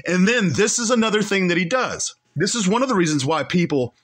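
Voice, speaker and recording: Heated man ranting with lively pitch. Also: fairly quick. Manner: heated, repetitive, emphatic insults. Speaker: commentary show host. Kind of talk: angry commentary on clips.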